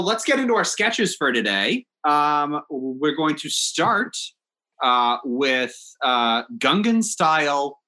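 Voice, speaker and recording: A man hosting a podcast, speaking a little high with a lively, bouncing pitch. His tone is bright and upbeat as he moves the chat along. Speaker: podcast host.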